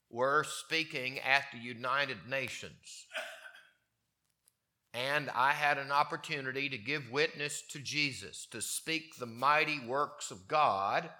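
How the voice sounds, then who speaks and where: Bright, forceful male preacher. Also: medium pitch. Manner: reads scripture aloud and explains it conversationally. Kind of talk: sermon, Bible exposition.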